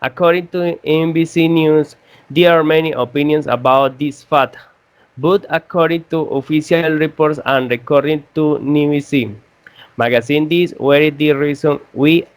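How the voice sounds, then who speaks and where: Halting young man with a smooth voice. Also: fairly high pitch, fairly even intonation. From Colombia. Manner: halting, restarts words. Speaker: student debater. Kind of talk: class debate in English.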